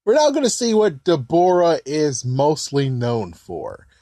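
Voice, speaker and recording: A man hosting a casual episode commentary, excitable and chuckling, with mild swearing. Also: a little high, measured pace, dry recording. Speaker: anime reaction host.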